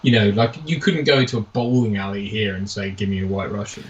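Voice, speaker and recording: A man's voice: fairly low pitch, fast talker, dull audio. Male co-host, rambling casual chat, somewhat distant from the mic. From Britain. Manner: rambling, animated, laughs while telling. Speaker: watch party co-host. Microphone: lapel mic.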